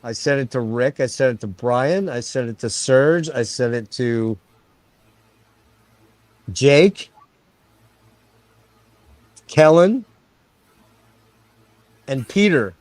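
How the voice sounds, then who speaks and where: Excited, profane man hosting a stream. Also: mid-range voice, takes it slowly, long pauses, no echo. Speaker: stream host. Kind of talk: casual chat storytelling.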